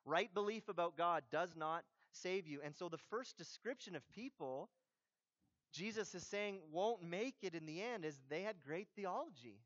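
A man, a pastor, giving a sermon in a conversational, animated way with casual asides. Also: sits high, normal speed, no echo, muffled recording.

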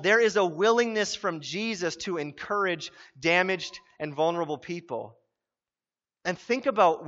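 A man in his thirties preaching a sermon as pastor, telling stories with quick voiced asides. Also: high voice, pushed and bright. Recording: muffled sound in a reverberant hall.

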